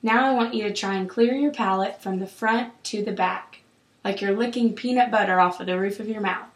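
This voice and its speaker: A woman clinician calmly guiding a patient through an oral exam, with steady, encouraging instructions. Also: mid-range voice, fairly quick. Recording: roomy echo.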